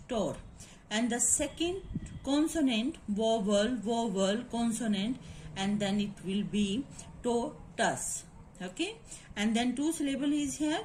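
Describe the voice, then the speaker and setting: A woman teaching a phonetics lesson, spelling out words letter by letter and often asking whether it is clear. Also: medium pitch, slight background noise. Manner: slow, spells out letters and syllables, repeats checks. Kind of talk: classroom lecture on phonetics.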